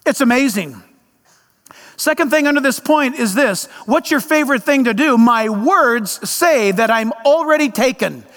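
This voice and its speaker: High-voiced, lively male pastor preaching. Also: normal speed. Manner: emphatic, conversational preaching with rhetorical questions. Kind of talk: sermon. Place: church sanctuary. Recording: long reverb of a large hall.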